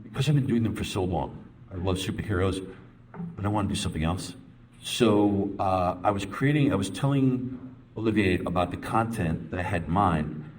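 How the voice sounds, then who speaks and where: A middle-aged man answering a panel question at length, in an animated, rambling way with quoted voices. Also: sits low, a little hiss or hum. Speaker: comics panelist.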